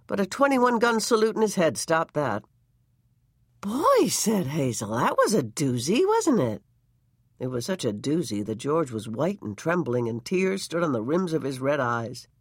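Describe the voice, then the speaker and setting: A reader narrating a short story in a measured, expressive way. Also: medium pitch, dry recording, clean studio sound. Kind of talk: story reading.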